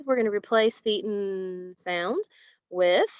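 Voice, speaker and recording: A woman teaching a phonics lesson, slowly stretching out and repeating sounds and words, and praising her students. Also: medium pitch, expressive, no echo. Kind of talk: slow, clearly enunciated phonics lesson. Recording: dry, dull lo-fi recording.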